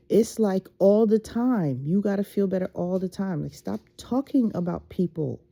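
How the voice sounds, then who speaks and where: A woman's voice: mid-range voice, mellow. A woman who just woke up, giving a rambling, casual spiritual pep talk straight to her phone, full of fillers and self-talk. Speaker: faceless content creator.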